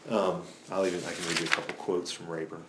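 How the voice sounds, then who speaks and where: A man's voice: sits low, level tone, fast, very noisy. A man teaching a church Bible study class in a conversational lecture style, often checking in with his listeners by asking "okay?". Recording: echoey room, faint background ambience.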